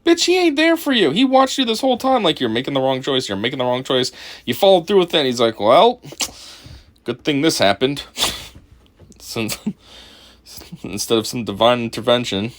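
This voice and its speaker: A man's voice: mid-range voice, lively intonation, moderate pace, long pauses. A man hosting a casual video commentary, mocking and profane, laughing often. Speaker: commentary channel host.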